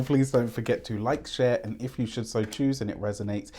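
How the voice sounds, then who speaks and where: Man, mid-pitched voice, tarot host who chats loosely with lots of asides. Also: fairly even intonation, brisk, slight background noise. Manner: warm, rambling, fond of fillers and asides. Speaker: tarot reader. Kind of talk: chatty tarot reading to camera.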